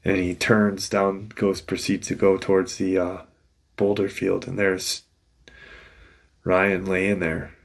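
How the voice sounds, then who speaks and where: A man's voice: sits low, flat delivery, slow, gravelly. A man host casually retelling an encounter story in a loose, rambling way, full of restarts and "you know".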